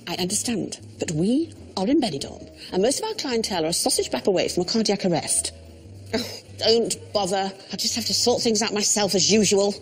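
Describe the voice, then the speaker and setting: An actress as a bossy hotel manager, cutting sarcasm, lively pitch. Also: female voice, fairly quick, close to an everyday voice. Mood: exasperated.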